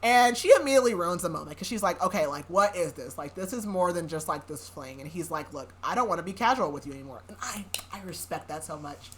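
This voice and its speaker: Slight background noise sits under her fairly low, expressive voice, which moves quickly with few pauses. As podcast host, the young woman gives a casual book recap laced with sarcastic asides and frequent laughter.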